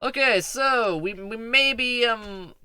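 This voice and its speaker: A man's voice: very high-pitched, slow pace, bright, forceful tone, smooth, dry recording, soft background music. A man streaming a strategy game, giving playful, rambling commentary that stumbles over restarts.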